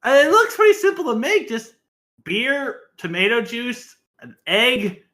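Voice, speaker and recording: Bright-voiced man bantering playfully. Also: extremely high pitch, sing-song, unhurried. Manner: playful, argumentative. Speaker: podcast co-host. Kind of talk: casual movie chat.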